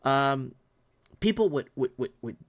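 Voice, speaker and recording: A man's voice: mid-range voice, lively intonation, measured pace. Middle-aged guy ranting, indignant, voice swings up and down a lot, keeps restarting his words. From Canada. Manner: indignant and heated, with repeated restarts. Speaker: commentator. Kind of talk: impassioned rant to camera.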